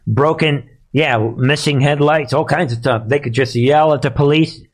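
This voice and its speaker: A man's voice: a little high, steady tone, normal speed. A man hosting live political commentary, sarcastic and heated, and he often laughs.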